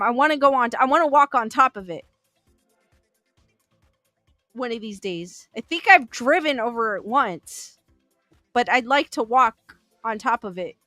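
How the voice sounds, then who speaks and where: A woman's voice: fairly high pitch, expressive, moderate pace, sharp tone, no room sound, soft background music. A woman hosting a livestream, answering viewer chat questions casually, chatty and thinking aloud with fillers and laughs. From Southern California. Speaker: livestream host reading chat.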